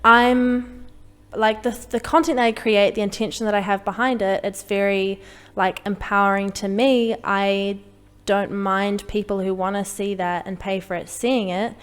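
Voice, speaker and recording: A woman's voice: medium pitch, little pitch movement, normal speed, clean tone, in a large hall. A young woman talking frankly as a podcast guest, chatty and full of fillers. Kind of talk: casual conversation.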